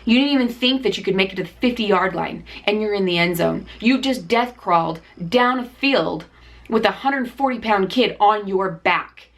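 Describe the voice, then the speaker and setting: A woman's voice: mid-range voice, moderate pace, far from the mic, lightly acted. A woman doing a demanding football coach, all urgent pleading encouragement. he pushes hard and keeps driving his player forward. it comes across as an everyday voice telling a story. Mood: earnest. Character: demanding male high school football coach.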